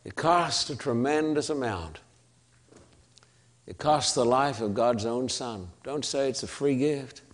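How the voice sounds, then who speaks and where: A man with an Australian accent preaching a sermon, emphatic and repetitive, with long pauses between phrases. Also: mid-range voice.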